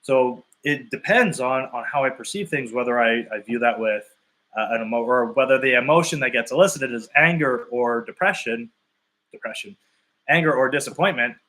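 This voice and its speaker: A man talks to his fitness clients in a live session. His voice is bright and pushes forward, and his tone stays loose and conversational. He thinks aloud and lays out long what-if examples to make each point. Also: mid-range voice. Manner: explains through drawn-out hypothetical examples. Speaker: fitness and nutrition coach.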